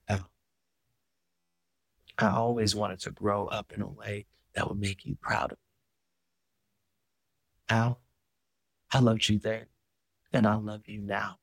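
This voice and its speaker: A man reading a first-person audiobook in a slow, measured, quietly emotional way. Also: fairly low pitch, gravelly, breathy edge, no room sound. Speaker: audiobook narrator.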